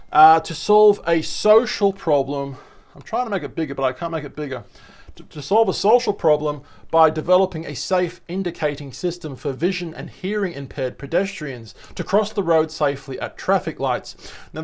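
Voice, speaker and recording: A man, chatting casually to camera in a rambling, enthusiastic vlog. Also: on the high side. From Australia. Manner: rambling, chatty, with restarts and asides. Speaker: vlogger.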